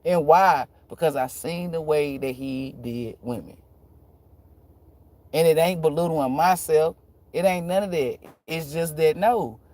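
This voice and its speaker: A man's voice: a little high, a little slow, darkish tone. A man talking casually to his viewers, telling a story in a blunt, profane, frank way with frequent laughs. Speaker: tarot reader vlogger.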